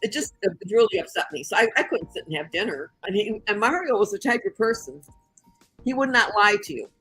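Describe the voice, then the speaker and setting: An older woman from the Chicago area, a guest in an interview, telling a story with lively acted-out voices. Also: medium pitch, a little fast, husky, dry recording, faint music behind, poor audio. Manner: animated storyteller who acts out the voices in her story.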